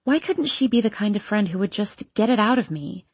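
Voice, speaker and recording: A woman's voice: mid-range voice, lively intonation, a little fast, breathy edge, no room sound. A woman narrating a first-person teen novel in an audiobook, reading in an emotional, intense way. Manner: emotional, intense, voicing an upset teenage girl.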